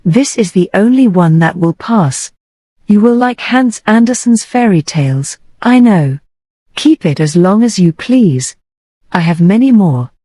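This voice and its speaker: A woman's voice: medium pitch, expressive, unhurried, warm tone, no echo. A woman reading the part of an eager, bossy little rich girl in an audiobook. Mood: kindly. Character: imperious, warm-hearted little rich girl.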